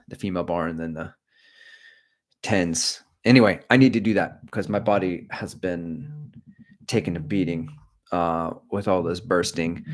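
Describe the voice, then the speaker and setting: On his casual running-channel livestream, a middle-aged man with a deep, low voice chats candidly and rambles from one topic to the next, cracking jokes along the way.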